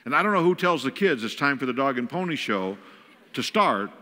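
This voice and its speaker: A man's voice: mid-range voice, big pitch swings, fairly quick, bright, forceful tone, big-room sound. Folksy, joking male church speaker. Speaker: guest speaker. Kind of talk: humorous sermon talk on parenting. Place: church auditorium.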